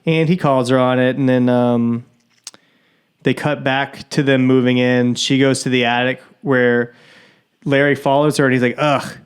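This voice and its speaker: A man's voice: mid-range voice, little pitch movement, clear, resonant tone. A man co-hosting a comedy podcast about a horror film, chatting casually and acting out characters' lines in little voices. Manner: laid-back, quick to quote characters in little voices. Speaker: podcast co-host.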